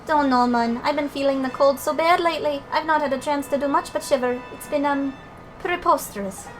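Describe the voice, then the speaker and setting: A woman voicing a grumbling male fairy villager in a put-on Scottish accent, gruff and slangy. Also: sits high, a little fast, faint music behind, lightly acted. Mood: glum.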